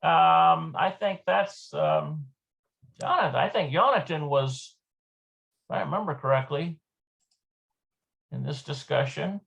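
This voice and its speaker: A man's voice: fairly high pitch, measured pace, gravelly, long pauses, a bit bright. A man teaching an informal Hebrew lesson, thinking aloud as he explains each point. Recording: dull lo-fi recording.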